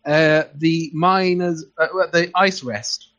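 A man's voice: fairly high pitch, steady tone, slow, fairly bright tone. A man narrating a tabletop game as game master, playful and loose, with fillers. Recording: dull lo-fi recording.

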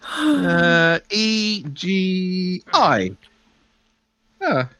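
A man acting as game master for an online tabletop horror game, drawn-out and dryly amused. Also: high-pitched, big pitch swings, bright, forceful tone, no echo.

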